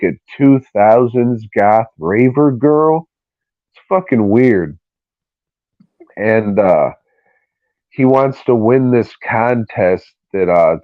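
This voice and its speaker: A man's voice: fairly low pitch, no room sound. A man co-hosting a podcast who talks in casual chat, ranting bluntly and swearing freely. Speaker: podcast co-host. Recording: dull lo-fi recording.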